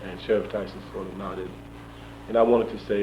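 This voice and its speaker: Brief: young male interviewee, animated storyteller who chuckles and acts out lines; muffled archival audio. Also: low voice, brisk. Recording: dull lo-fi archival tape with faint hum.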